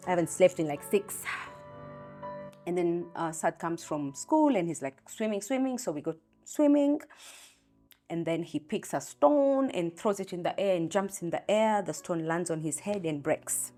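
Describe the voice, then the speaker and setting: A woman's voice: on the low side, normal speed, dark tone, soft background music. A young Kenyan mother telling a raw, candid personal story about a hard day.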